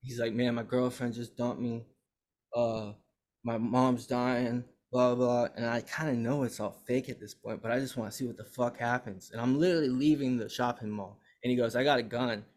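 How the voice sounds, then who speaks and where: Young man, podcast host, casual storytelling, rambling, swears a lot, mid-pitched voice. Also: moderate pace. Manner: rambling, profane, animated retelling.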